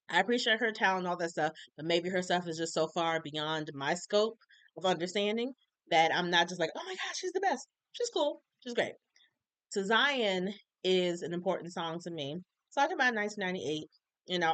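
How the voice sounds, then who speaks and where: A woman's voice: fairly low pitch, a bit bright, clear, resonant tone, no echo. A woman in her forties talking casually and with feeling about songs she loves, in a chatty, heartfelt way. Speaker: music commentator. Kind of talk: casual music commentary.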